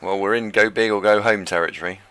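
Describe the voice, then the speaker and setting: A man's voice: fairly low pitch, fairly even intonation, fast talker, a bit bright, clear, resonant tone. A man making brief, wry remarks as an opponent during a live game stream. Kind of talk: casual live-stream chat.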